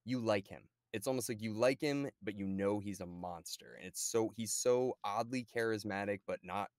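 A man's voice: lowish voice, normal speed, no echo, clean studio sound. A young man, a guest on a podcast, chatting casually about a film and acting out quoted lines as he goes. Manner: animated, acts out quoted lines.

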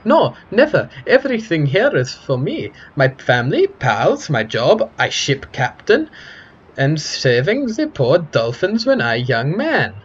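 A man's voice: a little high, wildly swooping pitch, unhurried, dull audio, slight background noise, pitched above the performer's own voice. A man voicing a lonely, chatty elderly man who speaks broken English with a put-on foreign accent and gets flustered when asked about it. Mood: rambling. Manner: cheerful and flustered, insists he has no accent.

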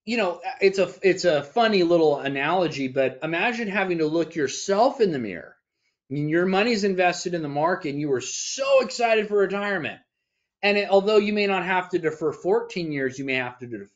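A man who owns a retirement planning firm, answering interview questions in a folksy sales pitch full of homespun analogies. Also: normal speed. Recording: dull lo-fi audio.

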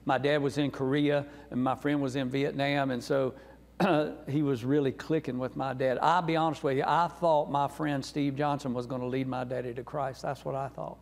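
Speaking at a normal pace with a flat, gravelly, medium-pitched voice, a North Carolina man gives a sermon testimony as a guest speaker. His storytelling is folksy, earnest and warm, and the church sanctuary adds heavy reverb.

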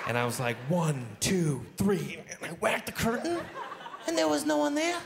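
A man doing a stand-up comedy set on a club stage, animated and jumping into high-pitched acted voices, with a handheld stage mic. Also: normal speed, creaky. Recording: live club recording with audience noise. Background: audience laughter.

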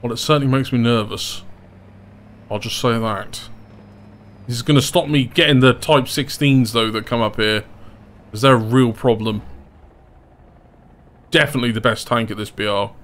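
A young man giving gameplay commentary, excitable and breaking into loud laughing fits. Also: mid-range voice, normal speed, pauses often. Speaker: gaming YouTuber.

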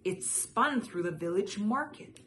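A woman reading a children's picture book aloud in a soft, measured way. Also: mid-range voice, expressive. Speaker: storyteller.

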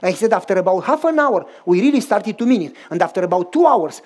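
A man's voice: high-pitched, quick pace. A male pastor, preaching as he tells a story and acts out both sides of the dialogue. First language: Romanian. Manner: acts out dialogue with lively voice swings. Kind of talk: storytelling sermon.

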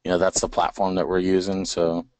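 A young man with a very low voice talks through his daily routine to a coach. He is halting and earnest, leaning on fillers and restarts. The sound is dry and close, with no room around it. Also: monotone, darkish tone, no echo. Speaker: inside sales agent. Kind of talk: casual call with a coach.

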